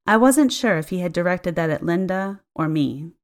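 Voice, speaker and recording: A woman tells a first-person story in an audiobook reading, her voice slightly low. She narrates with expressive storytelling and acts out the dialogue as she goes. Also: normal speed.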